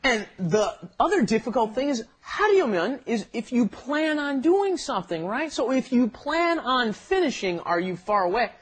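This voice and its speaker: A man's voice: extremely high pitch, big pitch swings, moderate pace, hardly any pauses, husky. A man co-hosting a language lesson, explaining phrases in a chatty way and laughing as he goes. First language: English. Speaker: co-host of a Korean lesson podcast.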